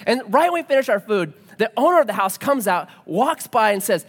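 Animated male pastor telling a story. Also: very high-pitched, fast talker, few pauses. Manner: animated storytelling, acts out dialogue. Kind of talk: sermon with personal story.

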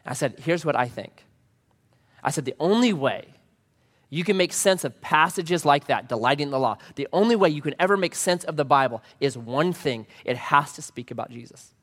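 Man, 30s, pastor, sermon, animated storyteller, expressive pitch, echoing church hall. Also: moderate pace. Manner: animated storytelling preacher, acts out quotes. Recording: long reverb of a large hall.

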